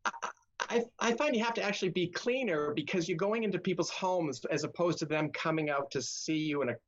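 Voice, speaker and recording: Man, comedy writer, halting speech, muffled lo-fi call audio. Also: a little high. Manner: halting, restarts, laughs easily. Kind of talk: casual comedy roundtable chat. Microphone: video call. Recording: dull lo-fi video call audio.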